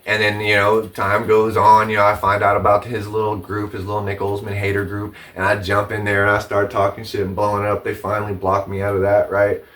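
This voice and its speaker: A man with a fairly low voice rants to camera about a feud, swearing freely and circling back over his points. He sits a little back from the microphone, so the sound is slightly distant. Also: monotone, fairly quick, hardly any pauses, a bit bright. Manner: profane, repeats himself, rising indignation. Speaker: vlogger telling his side of a dispute. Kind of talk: casual, heated storytelling to camera.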